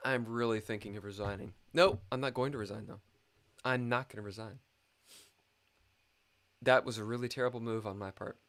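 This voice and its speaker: A man's voice: lowish voice, steady tone, fairly quick, long pauses, fairly bright tone. A man streaming a live chess game, muttering and swearing in frustration at his own moves, complaining of a dry mouth.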